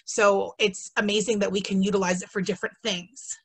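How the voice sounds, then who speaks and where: Woman, teacher, webinar presenter, casual, enthusiastic, chatty, medium pitch. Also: level tone, a little fast, breathy edge. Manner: chatty, enthusiastic, with frequent ums and asides. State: has the hiccups. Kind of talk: casual instructional webinar talk.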